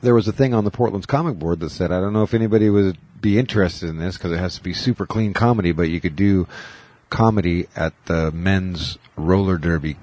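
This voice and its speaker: A man telling stories in casual chat, animated and full of voices. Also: low-pitched, a little fast. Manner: animated storytelling with many voices.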